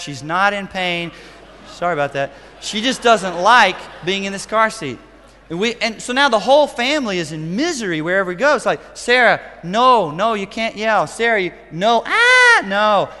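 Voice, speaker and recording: A middle-aged man, a pastor, preaching a sermon in an emphatic, punchy way with sudden loud bursts. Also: on the high side. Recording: long reverb of a church hall.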